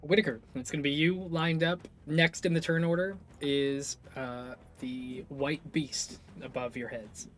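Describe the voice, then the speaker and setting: Higher-voiced man running a tabletop game. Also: steady tone, a little slow, hardly any pauses, fairly bright tone. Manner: rambling, self-correcting. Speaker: game master.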